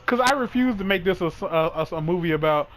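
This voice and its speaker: A man hosting a casual podcast chat, telling a long story in a rambling, animated way, full of "like" and restarts. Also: sits high, fast talker, a little hiss or hum, poor audio. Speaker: host.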